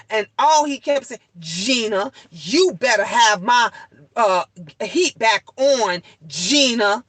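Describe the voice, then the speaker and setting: A middle-aged woman tells viewers a story in a casual, animated way. She curses freely and repeats lines for emphasis. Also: high-pitched, no echo, poor audio. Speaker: vlogger.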